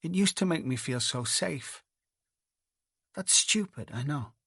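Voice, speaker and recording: A man's voice: fairly high pitch, animated, unhurried, pushed and bright, husky, dry recording, studio quality, exaggerated voice. A man voicing an anxious, tearful young wife who pleads and clings, read as audiobook dialogue. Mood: pleading.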